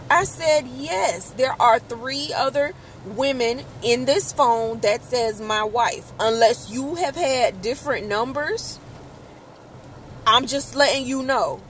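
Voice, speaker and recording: Woman, high voice, slow delivery, swearing her way through a dramatic personal story, faint car hum behind. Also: poor audio. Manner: animated, profane, exclaims in quoted outbursts. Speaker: vlogger. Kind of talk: casual storytelling.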